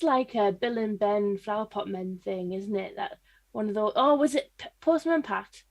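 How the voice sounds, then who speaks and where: A woman co-hosting a political podcast in casual chat, playful and quick to laugh. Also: mid-range voice, a little mellow. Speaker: podcast co-host.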